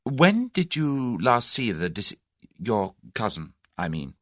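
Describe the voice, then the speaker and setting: Man putting on a bold young woman, eager and excited, raised lilting voice, dry close sound. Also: slow pace, dry recording, heavily acted. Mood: earnest. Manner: excited, high-pitched.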